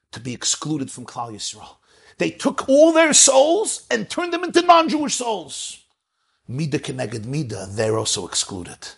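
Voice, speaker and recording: A rabbi delivering a lively Torah lecture in a somewhat high, husky man's voice. His pitch swings widely as he moves from soft asides to emphatic declarations. The delivery is animated throughout.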